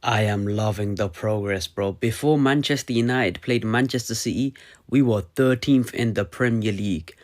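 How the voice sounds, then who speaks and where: A man's voice: on the low side, normal speed. A man hyped about his team's win in a fan reaction video, chanting and boasting.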